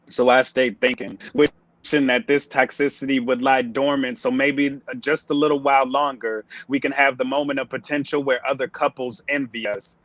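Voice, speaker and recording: A man reads his spoken word poem at an online open mic. His voice sits at a middling pitch and comes through a dry, close video-call mic, with steady, deliberate phrasing. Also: no room sound, rough recording. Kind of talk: spoken word poetry performance.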